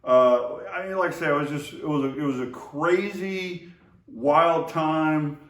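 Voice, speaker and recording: Fairly high-pitched and measured in pace, a man from the region between Oklahoma and Texas shares casual, meandering memories of his brother, often restarting and filling gaps with filler words. Room echo is strong, and his voice sounds distant from the mic.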